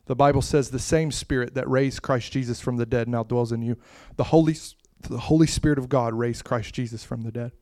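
A man preaching a sermon with impassioned delivery that swells to loud, emphatic peaks and drops to soft, hushed lines. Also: mid-range voice, fairly even intonation, a little fast, hardly any pauses, dry recording.

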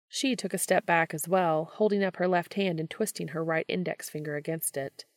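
Low-voiced woman reading a story. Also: fairly even intonation, moderate pace, few pauses, dry recording, clean studio sound. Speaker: podcast reader. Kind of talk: reading fan fiction aloud.

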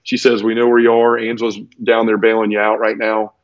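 A man speaks in a fairly low voice as an interview guest, earnest and close to tears, stumbling through restarts and repeated words. The sound is dull and lo-fi, with a dry, close feel and no room echo. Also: completely flat delivery, a little fast. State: teary. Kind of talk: emotional personal storytelling in conversation.

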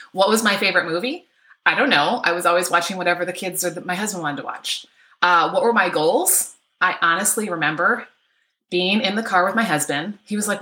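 A woman's voice: fairly low pitch, sharp tone, roomy sound. A middle-aged woman coaching an online workshop, upbeat and chatty, often checking in with "right?". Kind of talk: live online workshop talk. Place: home office.

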